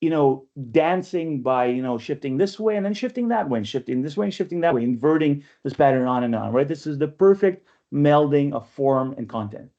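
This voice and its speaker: A man's voice: fairly high pitch, expressive, fairly quick, few pauses, dark tone. A man giving an online poetry workshop lecture, explaining step by step and often checking in with "right?". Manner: explanatory, keeps asking "right?". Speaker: workshop instructor. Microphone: video call. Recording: lo-fi video call audio.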